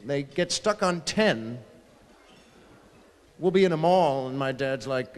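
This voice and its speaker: A man's voice: mid-range voice, clear, resonant tone. A man doing a stand-up routine on stage, slipping into the voices of his family members as he tells stories. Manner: animated, acting out family members in quick asides. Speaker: stand-up comedian. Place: large ballroom stage at a live fundraiser. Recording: long hall reverb from a large ballroom.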